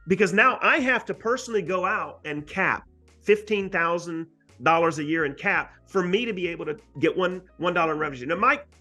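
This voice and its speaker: A man telling an emphatic, animated story as a guest in an interview, with frequent asides to the host. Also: high-pitched. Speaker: guest real estate agent.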